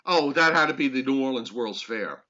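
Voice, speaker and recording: An older man co-hosts a casual chat, his bright, slightly high voice rising as he tells a story with exasperated energy. The recording sounds dull and lo-fi. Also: animated, normal speed. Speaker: co-host.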